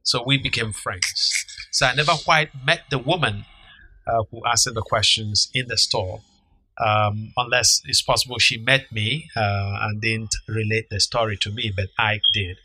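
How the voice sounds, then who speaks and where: A middle-aged man co-hosting a podcast, telling an anecdote in an unhurried, measured way. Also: on the low side, fairly even intonation, bright, forceful tone, husky, dry recording, low-quality recording. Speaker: podcast co-host, author. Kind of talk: casual storytelling chat.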